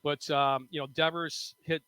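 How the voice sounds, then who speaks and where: A man's voice: a little high, flat delivery, measured pace, bright, forceful tone, clean tone, no room sound, rough recording. A male comedian guest in casual podcast chat, rambling and repeating himself as he talks. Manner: loose, rambling, repeats words.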